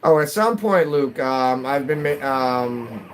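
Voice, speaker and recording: A man's voice: a little high, animated, unhurried, a little hiss or hum. A middle-aged man chatting casually while streaming a game at home, rambling and restarting, his nose a little stuffy. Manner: rambling, self-interrupting, chatty. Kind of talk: casual chat while gaming.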